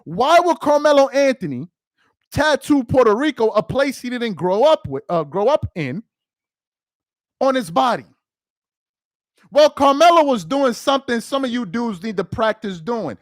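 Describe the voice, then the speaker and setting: A man's voice: very high-pitched, big pitch swings, moderate pace, no echo, clean studio sound. A man from New York City with a New York accent, giving emphatic live-stream commentary that repeats its points and uses street slang. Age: adult with a child.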